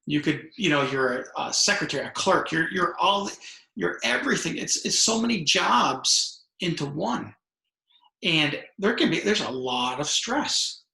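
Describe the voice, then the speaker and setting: A man in his fifties with a gravelly, fairly high voice, recounting his years on the job in a loose, anecdotal way and acting out the lines of the people in his stories. He is recorded over a video call in an echoey room. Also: lively intonation, moderate pace, pushed and bright. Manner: storytelling, acts out dialogue, many restarts. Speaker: author and retired correctional officer. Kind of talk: conversational interview answers.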